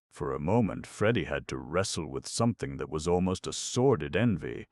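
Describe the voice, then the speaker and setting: A man narrating a comic novel as an audiobook, in a measured, expressive storytelling manner. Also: a bass voice, no room sound, clean studio sound. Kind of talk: scripted narration.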